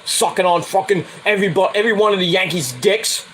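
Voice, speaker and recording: A man's voice: sits high, a little fast, fairly bright tone, a little hiss or hum, low-quality recording. A man hosting his own stream, ranting in a profane, heated, rambling way about sports. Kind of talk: casual sports rant.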